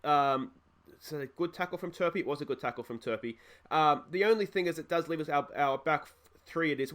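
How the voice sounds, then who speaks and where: A young Australian man talks through a football management game in a loose, rambling commentary. His slightly high voice is hoarse from a cold. He shouts and laughs with excitement whenever his side scores. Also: a little fast, a little hiss or hum. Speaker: let's play host.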